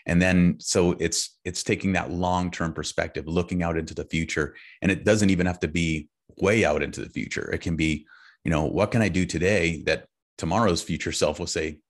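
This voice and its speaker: Upbeat man with a very low voice. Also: steady tone, moderate pace. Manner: upbeat, enthusiastic, uses surfer slang. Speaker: guest, author. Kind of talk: casual heartfelt conversation.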